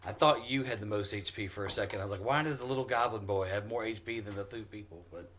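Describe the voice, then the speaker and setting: A man's voice: fairly low pitch, fast, fairly bright tone. A man acting as game master, opening a casual tabletop session with jokes and loose, rambling talk. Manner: joking, rambling with fillers.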